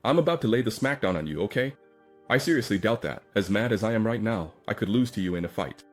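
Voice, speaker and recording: Guy doing an angry redhead girl, scolding and huffy, pitched a bit up. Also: lively intonation, fast talker, soft background music. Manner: scolding, shouty. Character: furious hot-tempered young woman.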